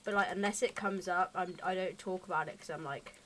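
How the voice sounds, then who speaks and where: A woman's voice: on the low side, fairly even intonation, a little fast, fairly bright tone, a little hiss or hum. Rambling young woman streamer. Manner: rambling, restarts sentences often. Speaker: game streamer. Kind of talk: casual chat while gaming.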